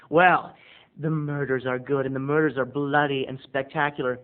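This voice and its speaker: A man giving a casual, animated, campy movie review as a video blogger. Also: medium pitch, normal speed. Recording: tinny lo-fi recording.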